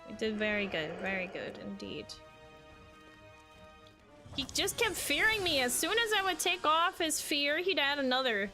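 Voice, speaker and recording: A woman's voice: high-pitched, big pitch swings, normal speed, pushed and bright, soft background music. A young woman streaming a game, chatting casually and exclaiming with mild minced oaths. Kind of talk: casual gameplay commentary.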